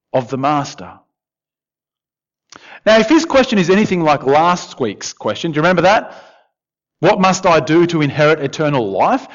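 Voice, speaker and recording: A man preaching a sermon in a conversational, animated way, with asides to the congregation. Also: on the high side. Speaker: pastor. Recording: dull, lo-fi sound.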